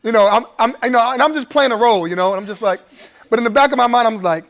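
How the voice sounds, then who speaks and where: Very high-voiced man, preacherly and joking. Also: brisk, a bit bright. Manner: preacherly, humorous, chuckling asides; emphatic rising appeals to the audience. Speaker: keynote speaker. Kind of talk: live keynote speech at a gala dinner.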